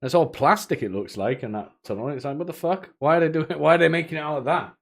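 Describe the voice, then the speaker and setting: A man's voice: on the high side, quick pace, vocal fry. A man streaming live, chatting casually with viewers in a rambling, profane way, often laughing to himself.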